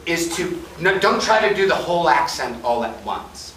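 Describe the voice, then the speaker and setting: A man teaching a voice-acting panel at a convention, animated and joking as he demonstrates sounds and takes questions from the audience. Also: a little high, normal speed, few pauses, slight background noise. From Chicago. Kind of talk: lively panel talk with audience Q&A. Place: large convention panel room. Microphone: fan camera from the audience, far from the speaker. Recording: echoey hall recorded from far off.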